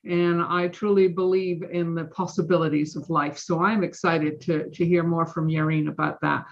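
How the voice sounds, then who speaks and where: A woman's voice: on the low side, flat delivery, normal speed, lo-fi sound. A woman on a video call, enthusiastically announcing the next month's guests. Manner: upbeat and enthusiastic.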